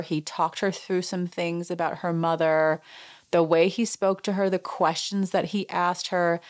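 Chatty woman recapping reality TV. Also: on the low side. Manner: chatty, reenacts quotes with animated voice jumps. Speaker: podcast host. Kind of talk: casual recap chat.

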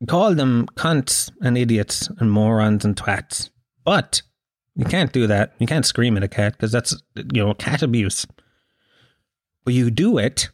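A man's voice: mid-range voice, no room sound, clean studio sound. A young Irish man hosting a podcast, telling rambling, profane comic stories in a jokey monologue. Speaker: podcast host.

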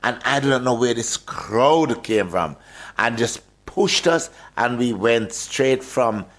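An older man with a Jamaican accent, telling lively stories as a radio interview guest, laughing often and repeating words. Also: medium pitch, takes it slowly.

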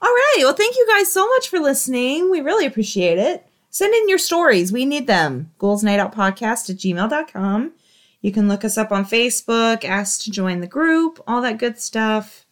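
A young adult woman hosting a casual podcast chat, reacting with drawn-out exclamations. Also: fairly high pitch, sing-song. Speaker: podcast host.

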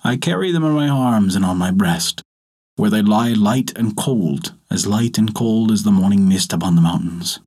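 A man voicing a gentle, wistful younger brother in a folktale, speaking quietly and slowly with wonder. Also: on the low side, lively intonation, husky, voice pushed down.

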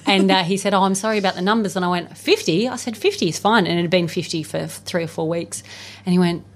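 A woman's voice: fairly low pitch, fast. A British woman comedian hosting a podcast, telling stories in a wry, chatty way. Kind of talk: casual podcast chat.

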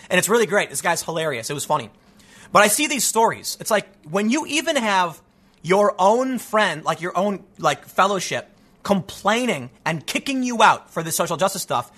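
A man's voice: sits high, expressive, brisk, fairly bright tone. A man hosting an opinionated news commentary show, reading stories aloud and mocking them with sarcastic, rambling asides.

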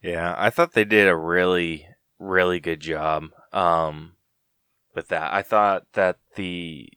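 A man guesting on a podcast, chatting casually about a movie in a measured, hesitant way. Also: deep voice, fairly even intonation, pushed and bright, clear, resonant tone, no echo, clean studio sound. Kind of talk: casual movie review chat.

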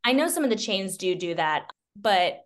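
A woman's voice: mid-range voice, big pitch swings, normal speed. A young woman, a cycling studio owner, answering interview questions in a casual, upbeat way with frequent laughs. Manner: upbeat, laughs often, filler-heavy.

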